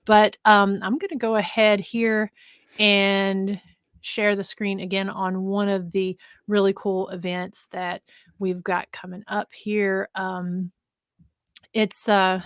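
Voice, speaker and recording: A woman co-hosts a live video podcast in easy, rambling chat. She fills her talk with ums and quick laughs. Her voice sits close and dry, with no room around it. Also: mid-range voice, little pitch movement, clean tone, no echo. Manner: chatty, filler-heavy, laughs easily. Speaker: podcast co-host.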